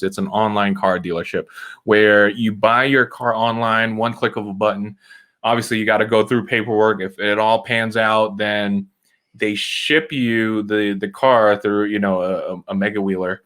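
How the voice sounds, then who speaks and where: Low-voiced man, halting podcast talk. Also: flat delivery, fairly bright tone. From United States. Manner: halting, many fillers and restarts. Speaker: podcast co-host. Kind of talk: casual chat.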